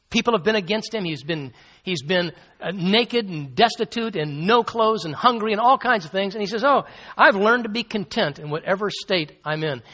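A man preaching a sermon as pastor, emphatic, repeating key phrases and slowing down to quote scripture. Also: high voice, sharp tone.

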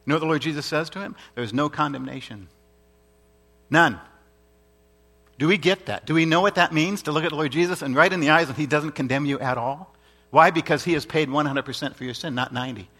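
Man, preacher, sermon, husky voice, emphatic, repeats for emphasis, rhetorical questions. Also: fairly high pitch, fast talker, sharp tone.

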